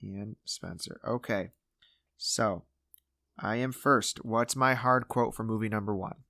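A man co-hosting a casual podcast, chatting playfully and slipping into quick impressions. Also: on the low side, steady tone, pushed and bright, dry recording, studio quality. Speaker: podcast co-host.

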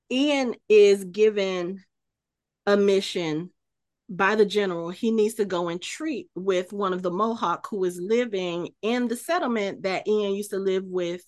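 A woman's voice: medium pitch, unhurried, dry recording, studio quality. A woman co-hosting a podcast, casually recapping a TV episode and acting out the characters' lines as she retells scenes. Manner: animated retelling, acts out quoted dialogue. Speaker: podcast co-host.

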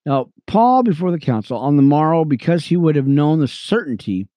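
A man teaching the Bible on radio, reading verses aloud between excited, chatty asides to his listeners. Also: on the high side, brisk, no echo. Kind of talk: reading scripture with commentary.

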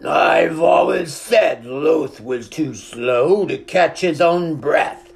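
Brief: a woman playing a menacing male elf, slow and sneering, raised and forceful, storybook. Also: low-pitched, vocal fry, slightly rough, pitched above the performer's own voice, exaggerated voice.

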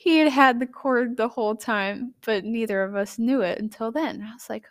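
A young adult woman hosting a podcast, chatty and candid, telling a personal story with emotive jumps in pitch and loudness. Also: moderate pace, few pauses. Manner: chatty and candid, addressing listeners directly. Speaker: podcast host.

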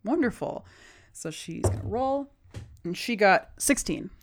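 A woman narrating a tabletop game as game master, describing scenes in an unhurried, descriptive way. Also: mid-range voice, lively intonation.

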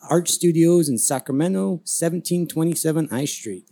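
A man's voice: a little high, moderate pace, mellow. A man chatting as a guest artist on a podcast, laid-back and enthusiastic, swearing casually. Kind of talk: casual chat.

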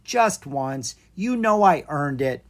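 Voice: mid-range voice, lively intonation, slow pace. A reader voicing a bold, scheming young girl dragon who talks confidently and bossily, in a children's storybook reading. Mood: cocky. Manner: confident, bossy, cheerful.

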